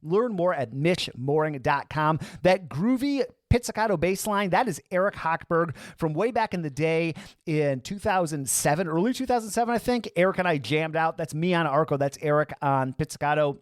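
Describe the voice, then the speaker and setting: A male podcast host giving a rambling, self-deprecating outro, talking fast as if over-caffeinated. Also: on the high side, expressive, no echo, studio quality. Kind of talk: casual podcast outro monologue.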